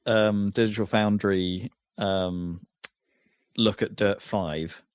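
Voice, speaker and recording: A man's voice: lowish voice, fairly even intonation, slow, clear, resonant tone, dry recording, clean studio sound. A man co-hosting a podcast in casual chat, rambling with lots of restarts and fillers. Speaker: podcast co-host.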